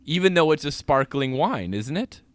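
A man's voice: on the high side, sing-song, normal speed. A man co-hosting a podcast in casual chat, playful and laughing often as he argues odd tangents. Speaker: podcast co-host.

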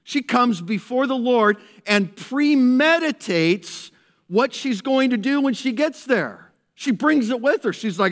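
A male pastor preaching a lively sermon to his church, acting out people in a raised voice and dropping to a hushed tone in prayer. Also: extremely high pitch, measured pace. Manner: animated, acts out characters in raised voice, drops to hushed prayer. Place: church service.

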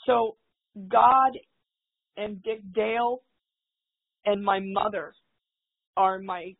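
A woman's voice: medium pitch, fairly even intonation, extremely slow, vocal fry. A woman being interviewed as a guest, speaking in a heartfelt, devout way. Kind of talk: casual interview talk. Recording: phone-like call audio.

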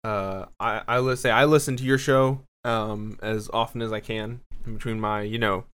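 A man's voice: on the low side, steady tone, moderate pace, fairly bright tone, clear, resonant tone. A man hosting a podcast, joking and sarcastic as he thanks a guest. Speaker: podcast host. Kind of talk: casual podcast chat.

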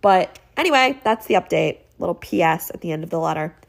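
A woman's voice: on the low side, animated, fairly quick, creaky. A teenage girl hosting her own podcast, chatting casually in a rambling, self-mocking way with lots of fillers. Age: teens. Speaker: podcast host. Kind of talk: casual solo podcast chat.

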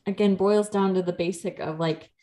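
A woman's voice: medium pitch, fairly even intonation, normal speed, warm tone. A woman in her thirties, a nutrition coach co-hosting a podcast, explaining things in a chatty, easygoing way and laughing easily. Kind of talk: casual podcast chat.

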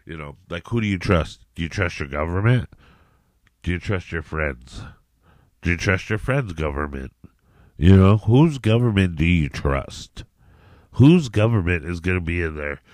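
A man's voice: sits low, no echo. A man hosting a solo podcast in a rambling, profane rant, with many restarts and repeated "you know what I mean". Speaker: podcast host.

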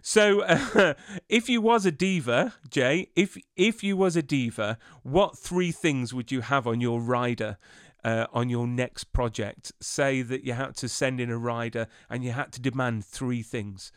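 A man's voice: medium pitch, measured pace, no echo, clean studio sound. A middle-aged man hosting an interview, asking friendly questions and sharing his own anecdotes. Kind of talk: casual interview.

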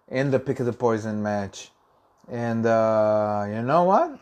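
Guy doing a solo podcast, kinda high voice, rambles with lots of ums and uhs. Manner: chatty, loose, many ums and uhs; self-correcting, repeats words. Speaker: podcast host. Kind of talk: casual solo podcast review.

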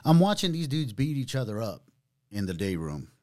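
Middle-aged man, pastor and podcast host, casual animated storyteller. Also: mid-range voice. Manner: animated storytelling, drawn-out words, casual slang. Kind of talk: conversational testimony.

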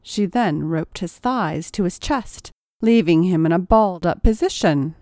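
A woman reading a story aloud in a measured, expressive narration. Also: fairly low pitch, dry recording, clean studio sound. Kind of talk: audiobook narration.

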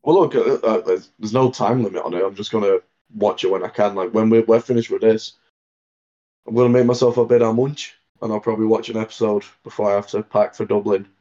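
English guy rambling on a podcast, lowish voice, kinda muffled remote audio. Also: steady tone, fast talker, mellow. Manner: rambling, loose and jokey, lots of fillers. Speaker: podcast co-host. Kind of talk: casual chat. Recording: dull lo-fi remote call audio.

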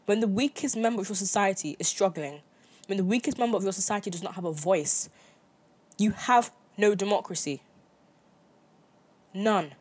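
A woman's voice: mid-range voice, normal speed, pauses often, a little mellow, husky. A young adult woman hosting her own podcast, giving an impassioned opinion monologue full of emphatic repetition. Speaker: podcast host.

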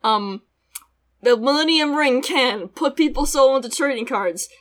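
A woman's voice: high voice, animated, measured pace. A woman co-hosting a podcast, chatting casually and laughing often, with many "like" fillers. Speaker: podcast co-host. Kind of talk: casual chat recapping an anime.

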